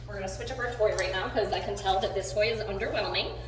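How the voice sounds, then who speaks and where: A woman dog trainer giving a live demonstration, switching between bursts of excited praise and calm explaining. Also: mid-range voice, fast. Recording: very echoey room, voice from far off the mic.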